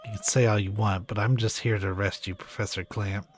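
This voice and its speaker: A man's voice: lowish voice, steady tone, brisk, faint music behind, lightly acted. A man reading a firm young policewoman.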